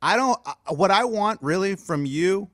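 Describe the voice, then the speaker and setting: A man's voice: sits high, animated, moderate pace, a bit bright, dry recording, studio quality. A man on a radio show, arguing in a defensive, teasing, mock-aggrieved way and laughing often. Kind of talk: bantering radio talk.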